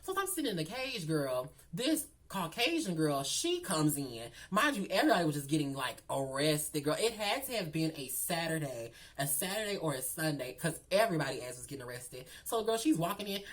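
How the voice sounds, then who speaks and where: A sassy woman spinning a storytime tale for her vlog, her voice rising and dipping through every line. She is profane, animated and keeps calling the listener girl. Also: low voice, brisk, few pauses. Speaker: vlogger.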